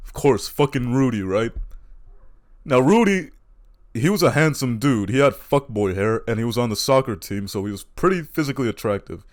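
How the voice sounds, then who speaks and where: A man's voice: medium pitch, lively intonation, normal speed. Guy doing standup, crude and self-mocking, voice swinging up and down a lot. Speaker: stand-up comedian. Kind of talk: stand-up comedy routine.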